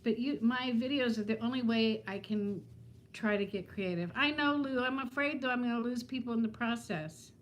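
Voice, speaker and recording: A vlogger in her fifties chats on a live stream from her home, using viewers' names and breaking into laughter often. Her pitch is fairly high, her speed normal, and a little hiss or hum can be heard.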